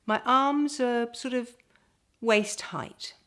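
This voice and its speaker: A middle-aged woman, a speaker coach, giving presentation tips straight to the camera and demonstrating calm and lively voice patterns. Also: on the high side, very slow. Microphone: camera mic, standing.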